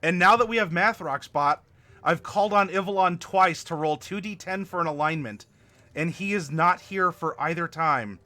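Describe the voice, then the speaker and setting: A man hosting a live tabletop worldbuilding stream, chatting to viewers and halting over fillers as he spells out dice commands. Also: high-pitched, sharp tone, no room sound. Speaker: game master and stream host.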